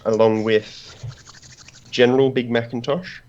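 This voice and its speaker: A man narrating as game master of a tabletop game, halting and full of pauses. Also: mid-range voice, steady tone, darkish tone, slight background noise. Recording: dull lo-fi recording.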